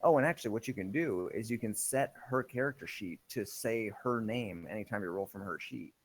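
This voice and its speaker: A man's voice: on the low side, a little fast, a little hiss or hum. A man playing in a tabletop game, chatting and joking animatedly with the game master. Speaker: player.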